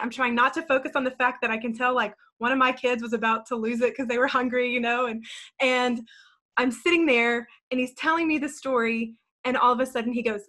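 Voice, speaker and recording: A woman's voice: a little high, fairly quick, pushed and bright. Earnest woman in her thirties, storytelling. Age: 30s. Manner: earnest, storytelling with filler words. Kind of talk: panel talk.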